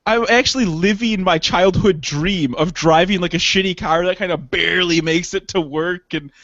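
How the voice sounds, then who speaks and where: A man's voice: high voice, moderate pace, fairly bright tone, no room sound, lo-fi sound. A young man from the Detroit suburbs, co-hosting a podcast in casual chat, rambling and joking with laughs between phrases. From Detroit suburbs, Michigan. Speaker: podcast co-host.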